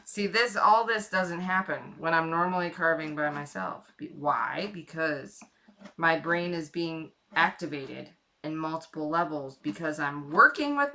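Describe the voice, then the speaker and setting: A woman talks to her live-stream viewers in an unhurried, easygoing way. Her voice is lowish yet bright and forward. She chats playfully while she works with her hands. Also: slight background noise. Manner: playful, rambling, chatty to viewers. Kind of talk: casual live-stream chat.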